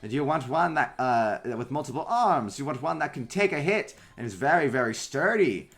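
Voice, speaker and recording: A pushy tinker salesman, put on by a man running a tabletop game, rattling off a sales pitch. His voice sits higher than normal and carries loudly. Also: expressive, brisk, natural voice. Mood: salesy. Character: eager male tinker salesman hawking robot butlers.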